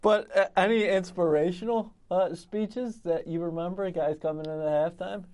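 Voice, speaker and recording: A man hosting a sports podcast, briskly asking his guest questions. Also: sits high, fairly even intonation, a little mellow. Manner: brisk, prompting interviewer. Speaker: podcast host.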